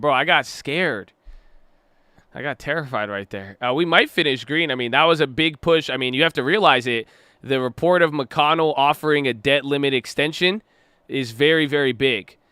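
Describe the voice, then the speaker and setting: A man giving casual live commentary on the stock market, excitable and easily startled, joking about conspiracy theories. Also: mid-range voice, clean tone, no echo. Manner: excitable, jumpy, laughs when startled. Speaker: market livestreamer.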